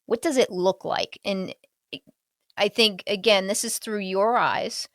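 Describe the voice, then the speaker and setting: A woman hosting an interview, who talks in an animated way, chuckles often and restarts her sentences. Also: mid-range voice, measured pace, no echo, studio quality. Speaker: host. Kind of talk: conversational interview.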